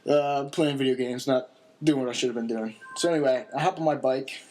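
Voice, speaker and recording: A man's voice: mid-range voice, steady tone, a little fast, darkish tone, slight background noise. A young man casually telling a long story on a podcast, laid-back and rambling, with many fillers and chuckles.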